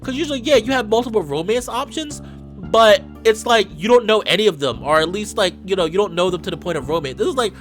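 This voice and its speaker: A young man hosting a let's play, giving casual, rambling commentary with lots of restarts and excited asides. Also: sits high, fast, soft background music. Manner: rambling, self-interrupting, excitable.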